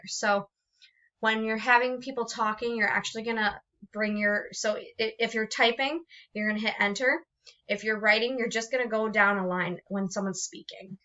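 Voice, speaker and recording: A woman's voice: medium pitch, bright, forceful tone. A woman teacher explaining punctuation rules in a recorded lesson, patient and explanatory, often restarting her sentences. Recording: dull lo-fi sound.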